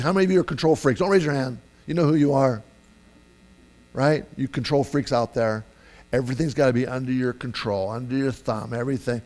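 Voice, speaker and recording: A man preaching a sermon in a lively, conversational way, acting out quoted voices with sudden loud bursts. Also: mid-range voice. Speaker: pastor.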